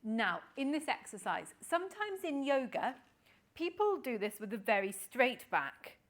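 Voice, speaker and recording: A woman Pilates instructor leading an exercise class with calm, encouraging cues and counting. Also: high voice, normal speed.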